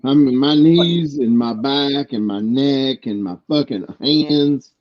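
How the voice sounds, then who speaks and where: Man, middle-aged, very slow, halting and blunt, muffled lo-fi recording. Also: mid-range voice, slight background noise. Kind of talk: casual chat.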